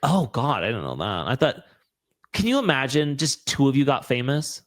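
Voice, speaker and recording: Animated chatty male podcast host. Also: mid-range voice, normal speed, dry recording, studio quality. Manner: chatty, lots of fillers, playful asides. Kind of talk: casual chat.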